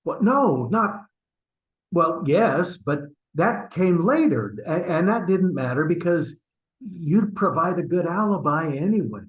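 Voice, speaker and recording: A man's voice: fairly high pitch, lively intonation, slow pace, poor audio. A man acting an online stage scene as a flustered husband hiding an affair, stammering and sheepish as he presses his friend. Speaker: acting student. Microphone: video call.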